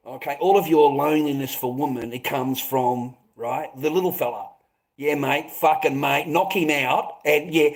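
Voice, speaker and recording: A man's voice: medium pitch, normal speed. An Australian man hosting a livestream, giving blunt advice to viewers and swearing constantly while calling them mate. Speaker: livestream host. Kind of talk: casual livestream chat answering viewers.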